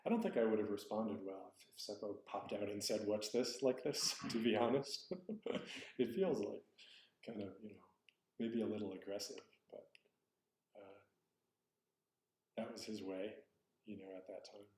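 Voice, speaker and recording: A man's voice: lowish voice, moderate pace, pauses often, darkish tone. A man giving a dharma talk as a Zen teacher, reflective and searching, often correcting himself aloud. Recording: roomy echo.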